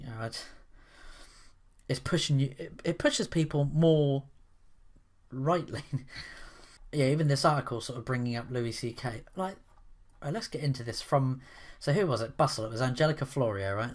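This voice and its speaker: A man's voice: mid-range voice, moderate pace. A man giving opinionated commentary in a rambling, sarcastic way, full of restarts and asides. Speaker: commentary vlogger.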